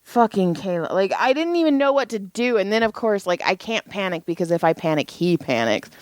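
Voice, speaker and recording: A woman in her forties telling a profane, animated story on a casual podcast, speaking as a parent. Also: mid-range voice, a little fast, no room sound. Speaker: podcast co-host.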